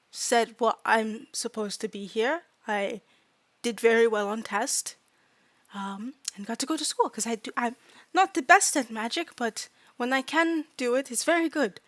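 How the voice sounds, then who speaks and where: A woman voicing a small, timid fairy student who speaks in broken, halting grammar and often drops to a whisper. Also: on the high side, a bit bright, dry recording. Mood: earnest. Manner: broken grammar, dropped articles, hesitant. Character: tiny timid fairy student, earnest, new to language. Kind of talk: tabletop role-play.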